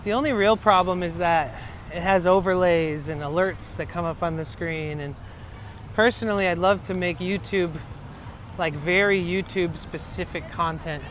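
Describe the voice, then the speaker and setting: A young man with a slightly high voice talks loosely to his live-stream viewers, cursing casually as he goes. He is out on a city street, and faint traffic and street sound drift behind him. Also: moderate pace, fairly bright tone. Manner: loose and chatty, swears casually.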